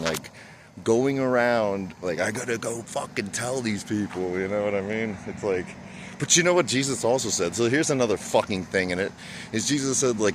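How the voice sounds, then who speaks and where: A man's voice: lowish voice, noisy background. A man vlogging in a casual, rambling rant, swearing often and calling the listener "bro" and "dude".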